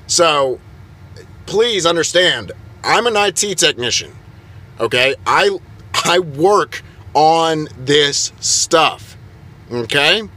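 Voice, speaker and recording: A man's voice: a little high, pushed and bright. A young man, an IT technician, ranting in a flustered, exasperated way and stumbling over his words. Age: young adult. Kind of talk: heated vlog rant.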